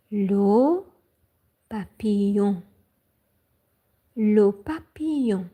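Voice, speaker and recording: Slow, careful woman language teacher. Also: a little high, animated, a little mellow, slightly rough, low-quality recording. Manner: repeats each word slowly and carefully. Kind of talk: livestream vocabulary lesson. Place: home livestream.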